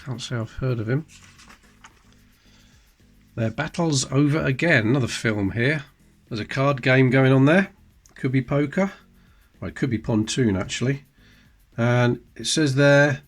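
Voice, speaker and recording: A man's voice: medium pitch, expressive, unhurried, long pauses, faint music behind. A man hosting his hobby channel, leafing through an old magazine in casual commentary with chatty, wry asides. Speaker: coin-collecting channel host. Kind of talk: casual show-and-tell commentary.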